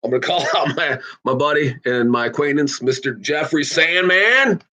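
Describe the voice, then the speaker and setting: Blunt, animated man hosting a podcast. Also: moderate pace. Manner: animated, blunt, swings between loud outbursts and low asides. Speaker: podcast host. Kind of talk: casual opinion podcast monologue.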